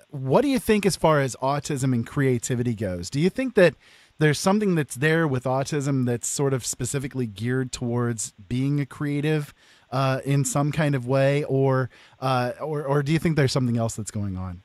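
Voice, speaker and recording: A man's voice: mid-range voice, moderate pace, a little mellow, dry recording. A man hosting a radio talk show, upbeat and laughing often as he takes callers.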